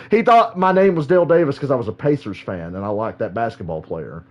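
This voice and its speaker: A man streaming a live football reaction, loud, profane and animated. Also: mid-range voice, quick pace, lo-fi sound.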